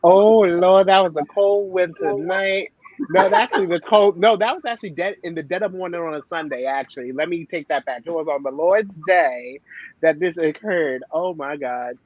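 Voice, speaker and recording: A woman on a video call telling a story in a sassy, animated way, laughing often. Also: fairly low pitch, normal speed, dry recording, lo-fi sound. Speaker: panelist. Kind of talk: casual storytelling.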